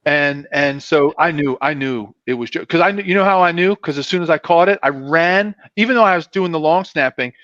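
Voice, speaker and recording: A man's voice: fairly high pitch, a little fast, hardly any pauses, dry recording. A man, a former pro football player, telling stories as a guest on a casual fan show, acting out the voices of the people in them. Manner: animated, acts out voices in his stories. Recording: dry, dull lo-fi sound.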